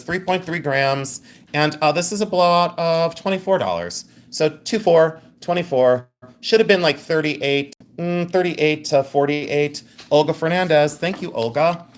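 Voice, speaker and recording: A man hosting a live jewelry sale, chatting casually, joking and laughing as he describes rings and pendants with enthusiasm. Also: fairly high pitch. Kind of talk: live sales stream chat.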